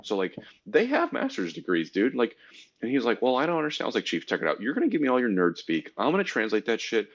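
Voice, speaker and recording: A man's voice: lowish voice, fast, slightly rough, lo-fi sound. A man on a podcast telling army stories in casual, profane bro-speak, acting out the voices of others. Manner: animated storytelling, acts out voices of others. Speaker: podcast co-host, army engineer veteran.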